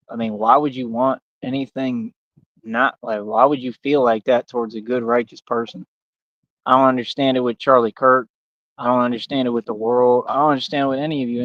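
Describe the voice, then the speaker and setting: A man's voice: mid-range voice, dry recording, highs cut off. A man in a casual livestream rant, using street slang, repeating himself and talking straight to his viewers. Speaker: livestream host.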